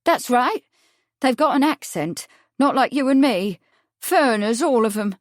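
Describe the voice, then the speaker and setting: A woman's voice: expressive, measured pace, no echo, studio quality. A woman voicing a grudging working-class London witness in an audiobook. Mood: sure. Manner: grudging, ungrammatical, high and loud.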